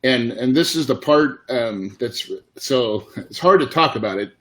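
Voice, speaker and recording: A man's voice: mid-range voice, animated, unhurried, fairly bright tone. Emotional man telling a candid story. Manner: casual, emotional, says dude and man often. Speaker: real estate investor and guest.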